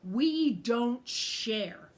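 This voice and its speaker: A woman voicing a loud, sneering male bully goat in a picture-book reading, with slow, growled taunts. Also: fairly high pitch, sing-song, voice pushed up, full character voice. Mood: jeering.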